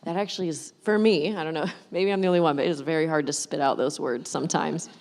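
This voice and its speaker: A woman's voice: deep voice, steady tone, quick pace, a little mellow. A woman speaking candidly and casually as a co-speaker in a parenting talk at a church conference. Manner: casual and candid, quotes herself. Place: church auditorium. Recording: reverberant hall, voice from a distance.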